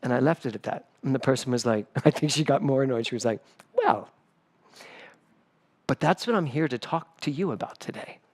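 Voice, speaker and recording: Animated man preaching a sermon. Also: medium pitch, fast talker, few pauses. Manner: animated storyteller. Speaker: spiritual director. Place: church service.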